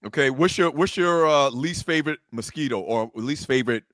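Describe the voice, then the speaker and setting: A man, hosting a casual talk show and telling lively stories in which he acts out the sounds. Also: medium pitch, a little fast, no room sound. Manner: animated storyteller, acts out sounds. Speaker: host.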